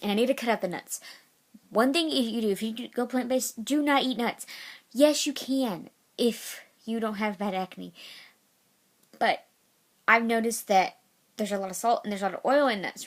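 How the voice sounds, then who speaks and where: A woman vlogging casual tips, chatty and rambling, often correcting herself mid-sentence. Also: medium pitch. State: out of breath.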